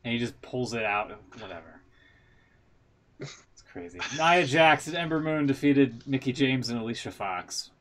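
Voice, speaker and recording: A man's voice: medium pitch, animated, moderate pace, a bit bright. A man co-hosting a podcast in casual chat, rambling through results with jokes and laughs at his own bits. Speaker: podcast co-host.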